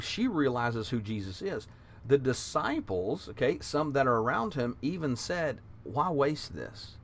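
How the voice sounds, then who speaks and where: Bible class teacher, man, earnest and conversational, mid-pitched voice, retells scripture as he goes.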